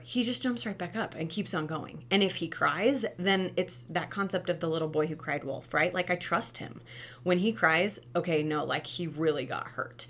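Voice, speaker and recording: A woman in her thirties, a former teacher and mom, giving parenting tips in casual talk, tagging "right?" onto her points and jumping up high when she acts out cheerful reactions. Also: fairly bright tone. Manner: chatty, lots of "right?" and "like". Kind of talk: casual advice talk to camera.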